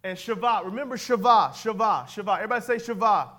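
A man with a high-pitched voice preaches fast as a pastor, animated and conversational. His congregation answers him in call-and-response.

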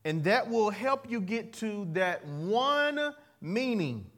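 A man preaching a sermon, leading the congregation in call-and-response, moving between soft asides and loud emphatic lines, laughing at his own jokes. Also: high voice, very animated, slow. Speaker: pastor.

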